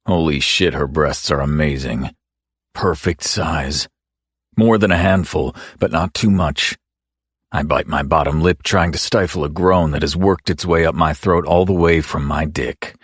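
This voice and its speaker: A man narrating a first-person romance audiobook in a wry, teasing, measured way. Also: extremely low pitch, slightly rough, no room sound, clean studio sound.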